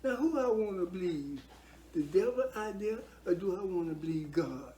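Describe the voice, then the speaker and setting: A man's voice: sits high, expressive, normal speed, mellow, slight background noise. An older man giving a heartfelt spoken testimony about his faith, earnest and preachy, repeating himself for emphasis.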